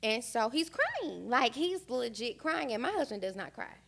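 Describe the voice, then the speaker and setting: A woman's voice: a little high, moderate pace, creaky. A young American woman on a podcast, candidly and emotionally telling her own story in casual chat. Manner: emotional, frank, animated retelling. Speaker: podcast guest.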